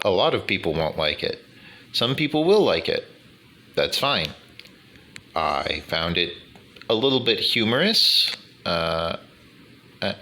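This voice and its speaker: A man with a very low voice rambles slowly and formally over his gameplay, piling up fillers as he goes. His tone has a bright, forceful edge, with faint background noise. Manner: slow, wordy, formal phrasing with many fillers. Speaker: gaming YouTuber.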